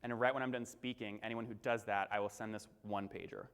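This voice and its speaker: A young man giving an energetic conference keynote, talking straight to the crowd and acting out his own presenting lines. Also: fairly low pitch, brisk, smooth. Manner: punchy, crowd-engaging, acts out webinar lines. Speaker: keynote speaker. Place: large conference hall. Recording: long hall reverb.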